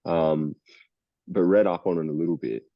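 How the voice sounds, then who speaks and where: A man's voice: low-pitched, moderate pace, creaky, no echo, muffled recording. A young Australian man co-hosting a podcast, chatting casually and rambling, laughing often. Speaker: podcast co-host. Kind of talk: casual chat.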